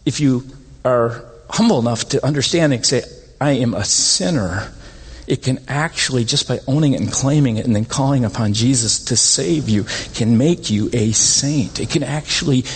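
Husky male pastor preaching in a hall. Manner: animated, rises in pitch when making points. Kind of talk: sermon. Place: church sanctuary. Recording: long hall reverb.

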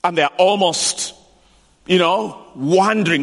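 A man preaching a sermon in a church, animated and emphatic, repeating key lines for weight. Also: high voice, unhurried. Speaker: pastor. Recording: long reverb of a large hall.

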